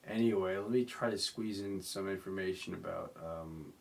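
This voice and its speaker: A man's voice: sits low, moderate pace, creaky. A young man hosting a rambling solo podcast, drunk and sleepy, slurring and apologizing as he talks. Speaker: podcast host.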